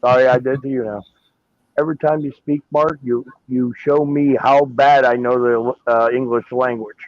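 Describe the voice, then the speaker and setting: A man's voice: medium pitch, fairly even intonation, moderate pace, dry recording. A man hosting a casual panel chat, cracking jokes and telling crude stories. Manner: joking, tells crude anecdotes. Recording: dull lo-fi audio.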